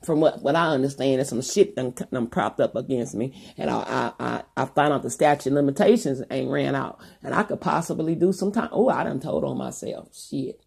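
A woman's voice: very deep voice, brisk, creaky, hardly any pauses, a little mellow, slightly rough. A woman YouTuber talking straight to her viewers in a long, profane, rambling monologue full of restarts and asides.

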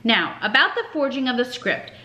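A woman's voice: a little high, very animated, moderate pace, bright, forceful tone, pitched above the performer's own voice. Woman doing a stern sarcastic old schoolmaster. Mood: lecturing. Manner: snarling, commanding, contemptuous. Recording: echoey room.

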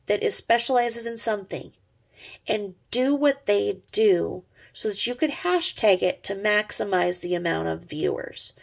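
A middle-aged woman vlogger tears into someone online with sarcastic, profane gossip commentary. Her voice is deeply gravelly with a husky, rough edge.

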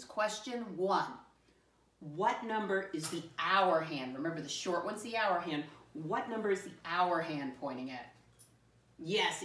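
Woman teacher, encouraging and deliberate with little kids, recorded in an echoey room from a distance. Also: fairly low pitch. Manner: encouraging, slow and deliberate, spells words letter by letter. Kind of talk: classroom lesson for young children.

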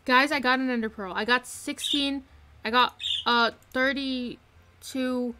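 A woman streaming a game live from her room, excitedly commenting and repeating herself with hyped exclamations. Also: high-pitched, a little slow. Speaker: gaming streamer.

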